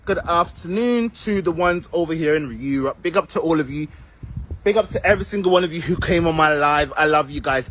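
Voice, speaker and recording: Playful high-voiced Jamaican man. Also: a little fast, fairly bright tone, slight background noise. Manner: playful and theatrical, greeting viewers by name, repeating phrases in a sing-song way. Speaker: vlogger doing a live stream. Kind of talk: casual live-stream chat. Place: outdoors in the rain.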